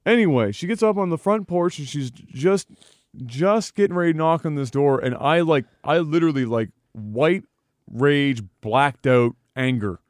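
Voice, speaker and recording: A man with a somewhat high voice tells a story in casual podcast chat, swearing freely and laughing as he goes. The sound is dry and close, with no room around it. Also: moderate pace, no echo. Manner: profane, animated storytelling with laughter. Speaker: podcast co-host.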